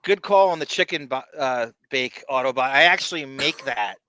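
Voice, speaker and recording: A man's voice: medium pitch, expressive, normal speed, pushed and bright, dry recording, poor audio. A man with a Long Island accent co-hosting a podcast, rambling casually and jokily with many fillers and restarts. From Long Island, New York. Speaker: podcast co-host. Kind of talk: casual chat.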